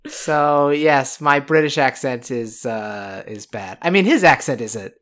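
A man's voice: medium pitch, a bit bright. A man co-hosting a podcast in casual chat, rambling and self-deprecating. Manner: rambling, self-deprecating, quick to imitate voices. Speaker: podcast co-host.

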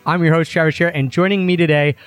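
A man hosting a travel podcast interview, joking with his guests and asking lively questions. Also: on the high side, fast, soft background music. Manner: playful, joking, animated questions. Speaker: podcast host.

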